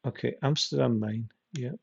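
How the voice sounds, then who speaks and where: A man's voice: medium pitch, moderate pace, vocal fry, slightly rough, lo-fi sound. A man casually commenting while playing a train simulator, rambling, swearing now and then and chuckling at his own stories. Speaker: game streamer.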